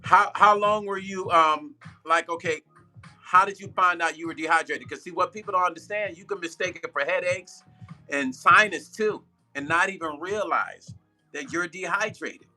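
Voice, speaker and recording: A man hosts a live stream and chats loosely with his viewers in a very bright, slightly high voice. He repeats himself for emphasis and laughs at his own slips. Faint music plays behind him. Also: normal speed.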